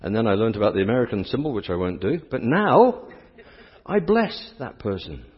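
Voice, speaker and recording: Fast and breathy, his lowish voice swinging widely in pitch, a middle-aged English priest gives a playful sermon in a church. He's chatty with the congregation and teases his volunteers, and the lo-fi sound is dull, with lengthy church reverb.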